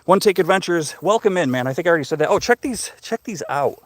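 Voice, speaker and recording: In a cemetery outdoors, a slightly breathless middle-aged man live-streams from his phone, chatting with viewers in a loose, curious, rambling manner. His voice is on the high side, with lively intonation and a quick pace, and the recording sounds dry and close without room echo.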